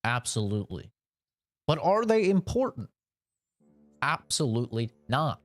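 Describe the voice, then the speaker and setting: A man's voice: mid-range voice, very animated, measured pace, no room sound, faint music behind. A young man streaming a game, giving mock-serious life advice in a joking, preachy way. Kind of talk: casual gameplay commentary.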